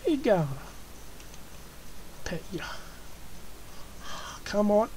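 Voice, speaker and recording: A woman's voice: mid-range voice, big pitch swings, extremely slow, warm tone, slight background noise, poor audio. An Australian woman hosting a gaming channel, chatting casually through her gameplay and coaxing the animals she tames in a cooing, friendly way.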